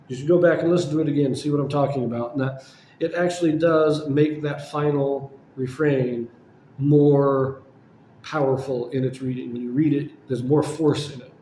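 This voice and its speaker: A man's voice: mid-range voice, warm tone, roomy sound, a little hiss or hum. A man casually explaining a poem's form and meter, with frequent fillers and self-corrections. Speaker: poetry channel host. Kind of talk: casual poetry lecture.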